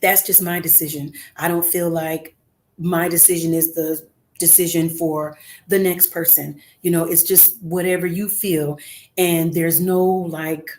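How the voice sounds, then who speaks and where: Middle-aged woman, low-pitched and chatty. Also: level tone, unhurried, a little mellow. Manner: conversational with frequent "um" fillers, earnest and encouraging. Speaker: guest singer. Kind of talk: casual interview. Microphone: remote call.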